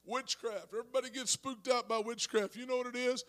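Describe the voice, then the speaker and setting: A man preaching a sermon as pastor, talking to his congregation with asides and rising to shouted praise. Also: very high-pitched, steady tone, a little fast.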